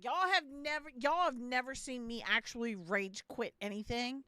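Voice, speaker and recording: A woman's voice: fairly high pitch, moderate pace, pushed and bright, clean tone, no room sound, studio quality. A young adult woman streamer chatting casually on a live stream, blunt and profane, often repeating herself. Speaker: game streamer.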